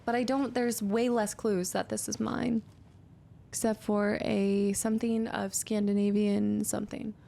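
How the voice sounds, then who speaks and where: A woman's voice: medium pitch, flat delivery, unhurried, gravelly, warm tone. A young woman streaming a game, musing aloud as she explores and reading notes under her breath. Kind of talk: let's-play commentary.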